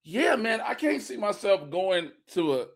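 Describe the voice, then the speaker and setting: A man's voice: sits high, very animated, a little slow, creaky. A man co-hosting a podcast in emphatic, wry casual chat. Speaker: podcast co-host.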